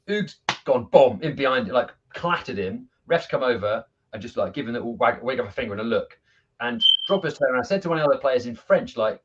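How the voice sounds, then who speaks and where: Husky storytelling man. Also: mid-range voice, fast, muffled recording. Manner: animated storyteller, laughs at his own anecdotes. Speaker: amateur football coach. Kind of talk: casual video chat.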